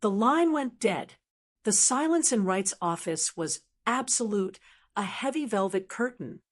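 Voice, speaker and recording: A woman narrating a dramatic first-person story in a measured, scripted way. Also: medium pitch, expressive.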